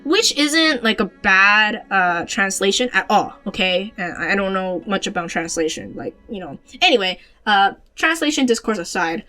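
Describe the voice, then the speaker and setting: A woman's voice: medium pitch, animated, normal speed, few pauses, sharp tone, soft background music. A woman hosting a podcast, talking through manga panels in a casual, rambling way with many fillers and restarts. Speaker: podcast host. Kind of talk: casual manga analysis chat.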